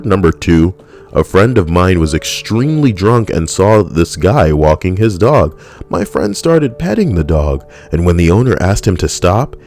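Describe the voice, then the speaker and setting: Deep-voiced man riffing sarcastically. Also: darkish tone. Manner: sarcastic, quick asides, laughs at own jokes. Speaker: comedy video host. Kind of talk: reading and riffing on a funny list.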